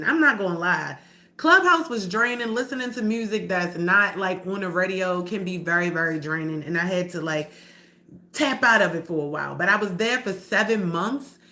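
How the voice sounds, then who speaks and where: A woman's voice: mid-range voice, sharp tone. Blunt, profane woman live-streaming her story. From Baltimore area. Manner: blunt, profane, addressing viewers as y'all; heated and confrontational.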